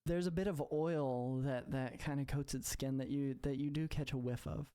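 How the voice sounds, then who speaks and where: Game master, halting narration, mid pitch, repeats words. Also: steady tone, mellow, clear, resonant tone.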